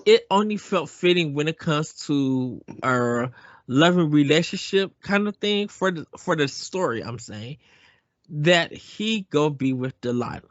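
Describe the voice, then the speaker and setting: Halting man hosting a podcast. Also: fairly high pitch, animated, no echo, highs cut off. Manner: halting, repeats words when starting thoughts. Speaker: podcast host. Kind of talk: casual podcast discussion.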